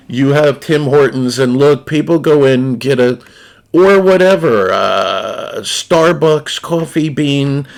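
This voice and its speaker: A gaming streamer with a mid-range, creaky voice reviews a snack while chatting casually and unscripted to his viewers. He's blunt, profane and rambling.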